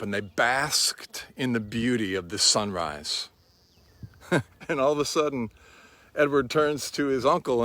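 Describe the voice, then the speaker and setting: A man preaching a sermon in a slow, reflective and quietly earnest way. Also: mid-range voice, no room sound.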